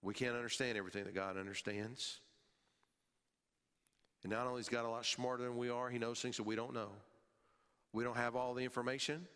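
Bright-voiced preacher in a reverberant hall. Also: male voice, steady tone, a little fast, long pauses, clear, resonant tone. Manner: emphatic, with wide swings in pitch and loudness, dropping low at phrase ends; repeats words when restarting. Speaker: pastor. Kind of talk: sermon.

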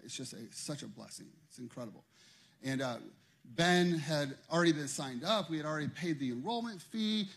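Husky man preaching a lively sermon. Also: medium pitch. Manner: conversational storytelling that builds to loud emphatic preaching. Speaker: pastor.

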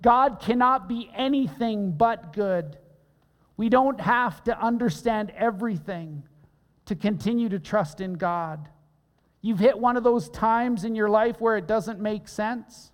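Slow, earnest preaching man in a hall. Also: high-pitched. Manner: earnest, emphatic preaching with repeated phrases. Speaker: pastor. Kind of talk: sermon. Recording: long reverb of a large hall.

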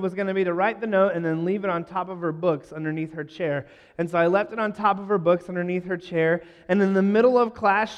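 A man with a light, high-pitched voice tells self-deprecating stories to a crowd, breaking into joking asides. His voice carries a long reverb, as from a large hall. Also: clear, resonant tone, muffled recording. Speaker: speaker addressing a live audience. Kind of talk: humorous talk to a crowd.

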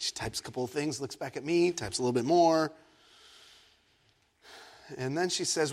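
A man from Egypt preaching a sermon, telling a story in an animated, playful way with self-mocking asides. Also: medium pitch, normal speed, long pauses. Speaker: pastor.

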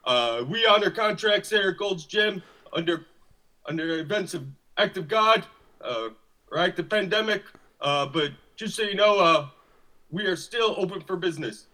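Brief: man playing clipped, robotic gym rep, high bright voice, barks slogans like a drill sergeant. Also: animated, moderate pace. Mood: stiff salesy. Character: stiff robotic male gym rep, salesman. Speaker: gym caller.

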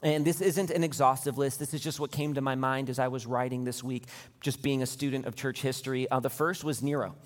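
A man preaching a sermon to his church, building to an impassioned, near-shouting pitch as he retells scenes. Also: fairly even intonation, fairly quick. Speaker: pastor. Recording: long hall reverb.

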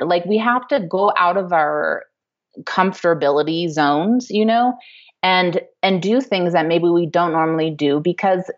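A woman hosting a podcast, talking earnestly and casually with lots of "like" and "you know". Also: fairly low pitch. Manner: earnest and talkative, many "like" and "you know" fillers. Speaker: podcast host. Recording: slightly dull, lo-fi.

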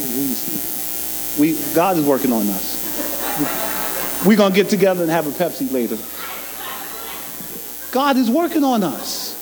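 A man preaching a sermon, emphatic and folksy, with loose colloquial grammar and call-and-response to the congregation. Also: high voice. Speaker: pastor. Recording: long hall reverb with faint mains hum.

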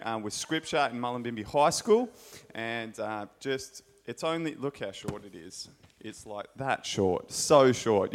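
A man's voice: medium pitch, fairly bright tone. A man with an Australian accent, a preacher and school scripture teacher, giving a casual, chatty sermon in a church with enthusiastic stories.

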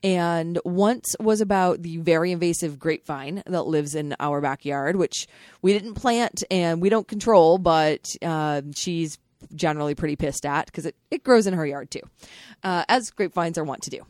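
A woman hosting a podcast in casual chat, chatty and quick to laugh as she tells anecdotes. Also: fairly low pitch, a little mellow, no echo, studio quality. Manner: chatty, laughs often while telling anecdotes. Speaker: podcast host.

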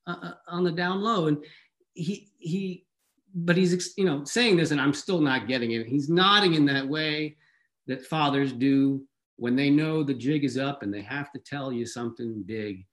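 A man telling a personal story in a conversational, animated and wry way. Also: medium pitch, moderate pace.

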